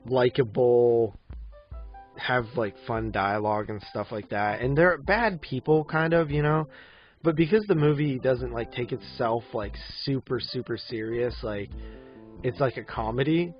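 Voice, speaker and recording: A man's voice: mid-range voice, highs cut off. A man in his thirties co-hosting a casual movie podcast, rambling with lots of fillers and easy laughs. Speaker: podcast co-host.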